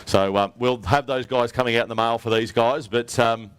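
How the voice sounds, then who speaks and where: A man's voice: medium pitch, fairly even intonation, normal speed, clear, resonant tone, no echo. Matey Australian man emceeing a weigh-in. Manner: upbeat, matey, ad-libbing. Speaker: tournament emcee. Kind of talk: live prize presentation. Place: outdoor weigh-in event.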